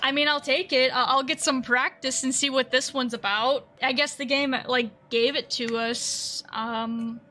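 A woman's voice: high voice, fairly even intonation, a little slow, hardly any pauses, pushed and bright, a little hiss or hum. A young woman giving let's-play commentary on a horror game, muttering to the game and breaking into frightened shrieks. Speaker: gaming video creator.

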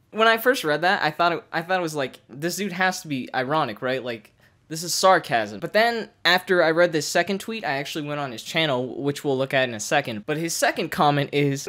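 Brief: woman YouTube commentator, low-pitched, sarcastic and deadpan, swears freely while roasting comments. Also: brisk. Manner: profane, sarcastic, deadpan mockery. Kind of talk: comedic commentary reading comments.

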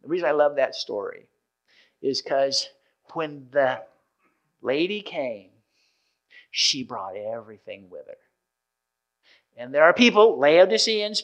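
A man preaching to a congregation, animated and story-driven. He repeats words as he gathers speed, then slows into a steady prayer. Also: sits high. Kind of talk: sermon with storytelling.

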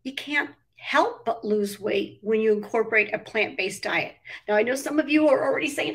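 A middle-aged woman talks through wellness tips in an earnest, storytelling way, pausing on plenty of ums. Her voice sits a little high. She sounds set back a bit from the microphone. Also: expressive, a bit bright, slightly rough, recorded from a distance. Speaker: wellness coach. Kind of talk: casual motivational talk.

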